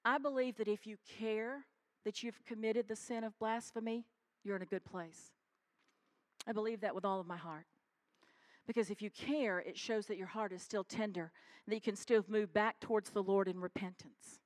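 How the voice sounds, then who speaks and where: A woman pastor preaching a sermon in church, animated and calling out to the congregation. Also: mid-range voice, normal speed. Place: church sanctuary.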